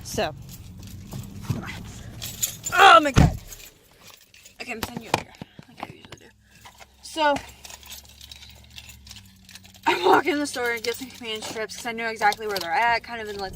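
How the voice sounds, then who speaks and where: Young woman vlogger, talkative and loose, recorded on a phone in a car with audible road rumble. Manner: chatty, swears casually, rambling asides. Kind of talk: casual vlog chat while driving. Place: inside a car while driving. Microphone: phone mounted in the car. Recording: car noise clearly behind. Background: road and engine noise.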